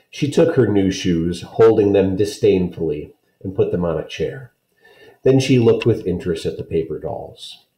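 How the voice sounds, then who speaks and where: A man's voice: low voice, animated, moderate pace, dark tone, echoey room, rough recording. A man, a teacher, reading a children's novel aloud to students, friendly and checking in with listeners.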